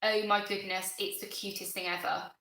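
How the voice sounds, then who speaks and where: Bristolian lady chatting on a live stream, bright and sharp, bit of room echo. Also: medium pitch, flat delivery, normal speed. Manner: chatty, thanks viewers by name, apologetic. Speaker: gardening channel host. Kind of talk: casual live-stream chat.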